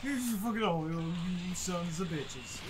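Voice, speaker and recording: A man playing a fighting game with a friend, yelling, swearing and joking in goofy trash talk. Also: sits high, animated, unhurried, a crowd in the background. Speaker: gaming channel host. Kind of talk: loud casual gameplay banter.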